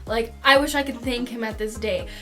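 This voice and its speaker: High-voiced woman telling a story. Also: moderate pace, faint music behind. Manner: animated, swears freely, laughs mid-sentence. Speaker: vlogger. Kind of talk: casual storytime vlog.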